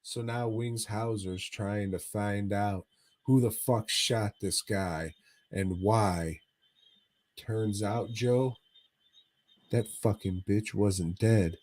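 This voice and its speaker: A man's voice: lowish voice, takes it slowly, darkish tone. A man co-hosting a podcast, recapping a movie in casual chat as a profane, rambling storyteller. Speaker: podcast co-host.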